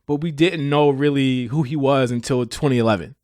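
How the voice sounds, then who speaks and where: A man co-hosting a podcast in casual chat, animated, laughing often and restarting his sentences. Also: mid-range voice, a little fast, no room sound, studio quality. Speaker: podcast co-host.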